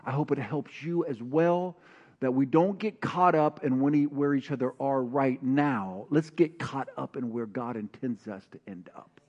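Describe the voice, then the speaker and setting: A man preaching a sermon as pastor, telling a personal story and reading scripture, animated and calling on the congregation to answer back. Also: medium pitch, unhurried, highs cut off. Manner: animated, calls for congregation responses.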